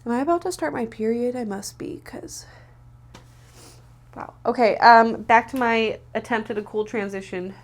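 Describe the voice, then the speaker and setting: A woman's voice: fairly high pitch, moderate pace. A woman vlogging casually at home to camera, chatty and self-deprecating, thinking aloud as she talks about her own work. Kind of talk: casual vlog talk to camera. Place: at home, indoors.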